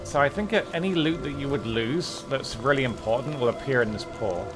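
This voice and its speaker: A man's voice: medium pitch, fairly quick. A man streaming a video game, giving casual commentary in a dry, offhand way, with some swearing. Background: game music.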